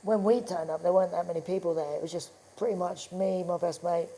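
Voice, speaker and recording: A man's voice: sits high, fairly even intonation, fast talker, mellow, low-quality recording. A man chatting as a guest in a tattoo studio. He tells stories casually, swears freely and laughs often. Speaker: actor guest. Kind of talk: casual chat.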